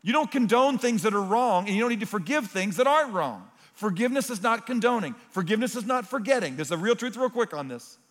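A man delivers a sermon from the pulpit. His voice sits a little high for a man and carries a long reverb through a large hall. He moves between forceful, emphatic declarations and quiet, intimate asides. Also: animated, quick pace, few pauses. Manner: earnest preaching, swings between loud emphatic points and hushed, intimate asides. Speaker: pastor.

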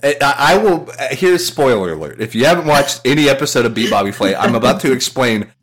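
Animated swearing man telling a story. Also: mid-range voice, a little fast. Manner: animated storyteller, swears, mimics people with laughter. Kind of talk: casual podcast banter.

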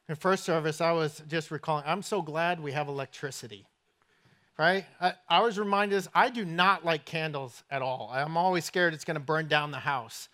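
Preaching in a church, the southern New England pastor uses a high, bright voice with a forceful tone and moves at a normal speed. His New England accent colors a conversational, story-driven sermon full of questions aimed at his listeners.

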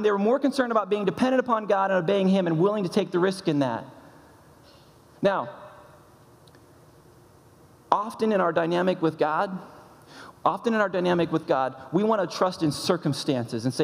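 A male pastor delivers a sermon in an emphatic, deliberate way, driving home each point by repeating it. His voice sits a bit high for a man and rings out with a long reverb from a large hall. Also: expressive. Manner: emphatic, repeats key phrases.

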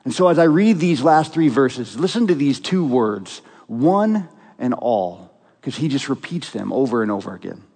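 A man's voice: mid-range voice, animated, brisk, creaky, few pauses, a little mellow, breathy edge, in a large hall. A man preaching a sermon as pastor, earnest and emphatic, asking his congregation rhetorical questions.

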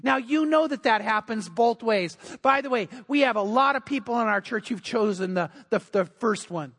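A male pastor preaching a sermon, telling a story earnestly, hushing in tender parts and rising when urging. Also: very high-pitched, animated, normal speed, long reverb tail. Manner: earnest, drops to a hush in tender moments, rises when urging.

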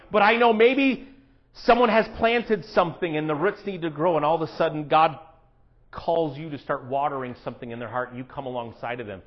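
A man preaching a sermon in church, animated, swinging between hushed asides and loud emphatic lines. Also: fairly high pitch, brisk, lo-fi sound. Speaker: pastor.

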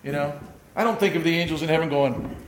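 Male pastor, higher pitch, lively sermon delivery with shouted bursts. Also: fast, background noise. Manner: animated, shouts and acts out joyful voices.

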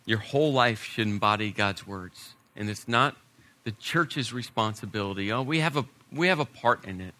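A middle-aged man preaching a sermon as a pastor, telling stories and building to emphatic points before dropping his voice low. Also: moderate pace. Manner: storytelling preacher, rising to emphasis then dropping soft.

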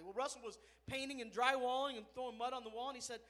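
Preaching quickly in a steady tone, a pastor carries a church sermon forward as a story, his strikingly high, bright, sharp-edged voice swelling toward fervent near-shouting. He leans heavily on the faith punchlines, and the delivery is genuinely his own rather than an act.

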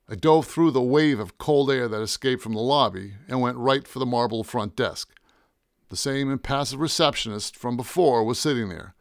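Man, first-person story narration, wry, deadpan, gravelly, dry close recording. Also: mid-range voice, dry recording. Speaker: audiobook narrator.

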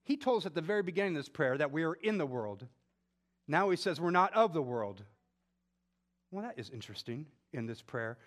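A man preaching with a somewhat high, very lively voice that swings widely in pitch. He talks to the congregation like a conversation, asking them questions, then climbs to emphatic peaks to drive a point home. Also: brisk. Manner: animated, rising to emphatic peaks when stressing a point. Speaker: pastor. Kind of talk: sermon.

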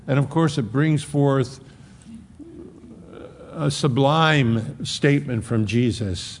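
A man slowly preaches a sermon in a conversational, rambling style, now and then dropping dramatically into soft, low tones.

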